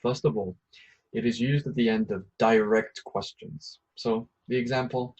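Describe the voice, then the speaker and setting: A man's voice: mid-range voice, steady tone, unhurried, darkish tone, lo-fi sound. A man teaching an English grammar lesson, patiently repeating each point with a few ums and uhs.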